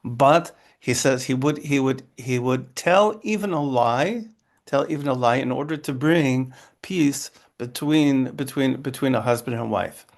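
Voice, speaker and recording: A man's voice: medium pitch, unhurried. A man, a rabbi, explaining ideas in a dialogue, often restarting phrases and checking in with "right?" and "okay?". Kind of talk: interfaith dialogue talk.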